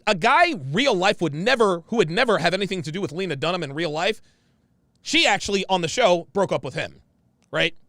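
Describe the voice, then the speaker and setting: A man's voice: high-pitched, lively intonation, fairly quick, bright, forceful tone, no room sound, studio quality. A man hosting a casual livestream, reading viewer comments aloud in a brash, emphatic way and repeating his phrases.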